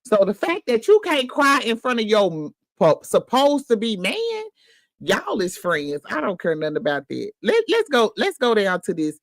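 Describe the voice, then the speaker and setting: A woman hosting a reaction livestream, teasing and swearing in quick, animated bursts of casual commentary. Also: fairly high pitch, no echo, clean studio sound.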